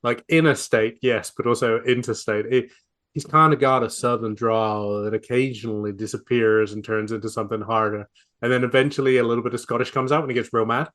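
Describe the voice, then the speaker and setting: A man's voice: medium pitch, fairly even intonation, fairly quick, a bit bright. A man with a New Zealand accent, hosting a casual film-review podcast with wry, sweary asides and frequent laughs. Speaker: podcast host.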